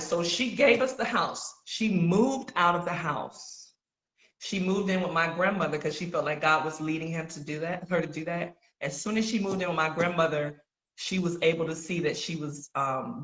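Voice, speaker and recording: A woman tells a faith story in a relaxed, conversational way. Her tone is bright and forceful, and she acts out the people she quotes as she goes. The room around her is echoey. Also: lowish voice. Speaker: podcast guest sharing testimony.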